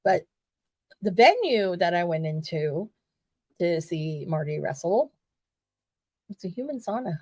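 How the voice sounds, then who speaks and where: Chatty woman, low voice, dry sound. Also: measured pace, long pauses, no echo. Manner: rambling, animated, swears casually. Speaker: podcast co-host. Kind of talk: casual wrestling chat.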